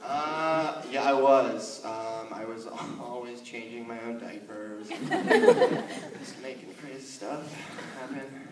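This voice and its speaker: A young man telling a stand-up story on stage, animated and laughing at his own tale. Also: mid-range voice, slow, a crowd in the background. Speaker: stand-up comedian. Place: stage in a hall with an audience. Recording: echoey, distant, noisy hall.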